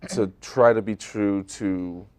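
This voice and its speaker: A man with a fairly deep voice talks easily and thoughtfully about his stage role in a studio interview. The recording is dry and close-miked. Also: steady tone, slow, clean tone, no room sound. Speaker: stage actor. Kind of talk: local TV interview.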